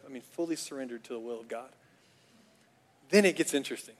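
A man preaching a sermon as pastor, animated and conversational, with frequent fillers. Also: mid-range voice, fast talker, pauses often. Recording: long reverb of a large hall.

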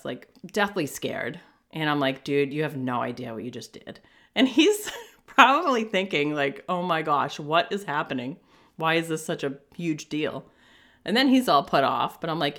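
Low-voiced woman telling a lively story. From New England. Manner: animated, jumps into quoted voices, laughs often. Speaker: podcast host. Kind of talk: casual personal storytelling.

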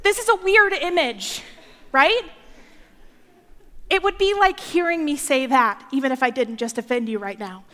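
A woman's voice: high voice, moderate pace, long pauses, sharp tone, in a large hall. A young woman preaching a sermon, playful and joking as she talks.

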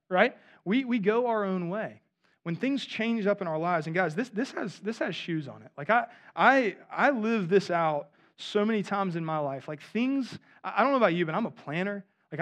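A high-pitched man in his thirties delivers a sermon in a church, amplified by a mic. His delivery is animated and chatty, full of asides to the congregation. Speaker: pastor. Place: church before a live congregation.

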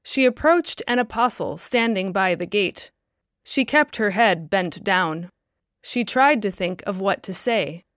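A woman narrating a story in a calm, measured reading. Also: medium pitch, no echo, studio quality.

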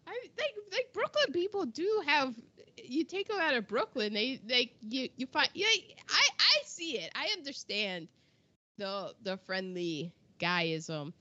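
A woman chatting casually about an old film, animated and quick to laugh, often trailing off mid-sentence. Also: high voice, dry recording, dull audio.

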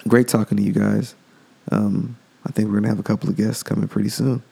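A man's voice: on the low side, little pitch movement, quick pace, creaky, dark tone, slightly rough. A man hosting a podcast, talking in a loose, rambling casual monologue. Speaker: podcast host.

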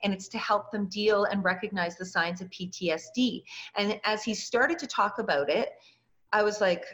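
A woman's voice: mid-range voice, normal speed, fairly bright tone. A woman, a guest in an interview, telling a personal story earnestly and acting out the voices of the people she quotes. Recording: dull lo-fi recording.

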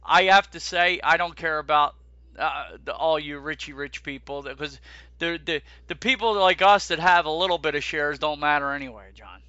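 An animated man chatting and joking through theme park news on a podcast. His voice sits high and sounds very bright and forceful. The recording is dry and a bit dull. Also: moderate pace, no echo. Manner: animated, joking, swears casually, keeps addressing his co-host. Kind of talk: casual chat.

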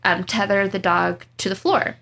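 A young woman telling a story in casual chat, animated and dramatic, laughing as she goes. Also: medium pitch, moderate pace, creaky. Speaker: storyteller guest.

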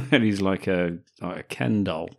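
This podcast co-host has a deep, creaky voice and a slow delivery. He joins in crude banter and frequent laughter while recapping film scenes in a casual review chat.

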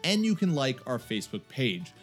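A man co-hosting a tabletop gaming podcast in casual chat, talkative and quick to laugh at himself. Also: mid-range voice, very animated, soft background music. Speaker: podcast co-host.

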